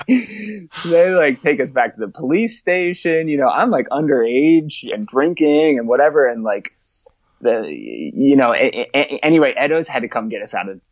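A man's voice: mid-range voice, lively intonation, normal speed, no echo, dull audio. A young adult man, a podcast guest, telling a rambling, profane story full of fillers and laughter. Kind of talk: casual storytelling.

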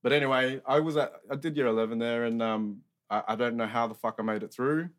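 Talking fast in a mid-range voice, this young Australian guest rambles through his life story in casual chat, full of filler words and free-flowing profanity.

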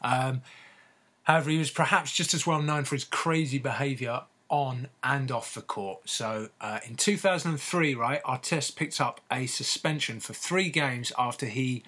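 A man telling a story in casual podcast chat, laughing often and filling pauses with ums and uhs. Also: medium pitch, sharp tone, slightly rough.

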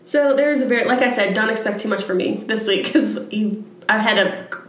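A woman's voice: mid-range voice, a little fast, fairly bright tone. A young woman co-hosting a podcast, telling folklore in a chatty, giggly way. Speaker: podcast co-host. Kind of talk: casual chat. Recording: roomy echo.

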